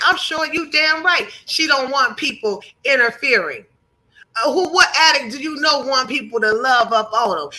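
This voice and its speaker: Hosting a livestream, this woman delivers heated, blunt commentary laced with profanity, preaching at her chat viewers. Her voice sits high with a sharp tone, and the recording quality is low.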